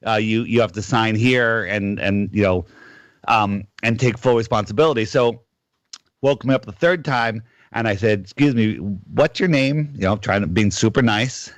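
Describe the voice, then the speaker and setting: A man's voice: fairly low pitch, no room sound. A middle-aged man on a casual call-in radio show, telling a rambling story and acting out the lines of the people in it.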